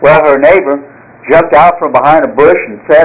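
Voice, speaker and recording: A man's voice: on the high side, moderate pace. A man preaching a sermon as pastor, folksy and earnest, opening with a joke story. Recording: slightly dull lo-fi sound.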